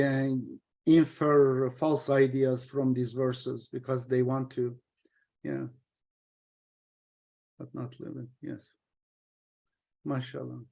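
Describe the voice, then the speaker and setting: A middle-aged man whose first language is Turkish, explaining scripture translation in an informal study session, halting with fillers and restarts. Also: mid-range voice, creaky, a little mellow.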